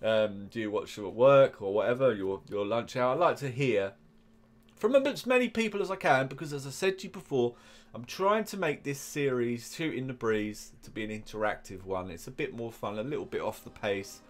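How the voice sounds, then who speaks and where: A man with an English accent chats his way through a gameplay session. His talk rambles and drifts into asides. His voice sits at an ordinary middle pitch. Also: expressive, normal speed. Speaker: gaming YouTuber. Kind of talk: casual gameplay commentary.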